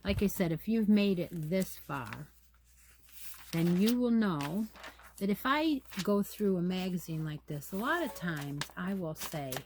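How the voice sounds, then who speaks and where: A woman's voice: on the low side, expressive, unhurried, darkish tone, slight background noise. A woman hosting a casual yarn chat, reading pattern details aloud and musing to herself as she goes. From United States. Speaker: crochet channel host.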